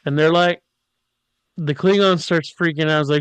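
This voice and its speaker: Slow, smooth male podcast host, joking recap with character mimicry, dry close sound. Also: fairly high pitch, fairly even intonation, no echo. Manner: jokey, mimics characters in quotes. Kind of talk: casual episode recap.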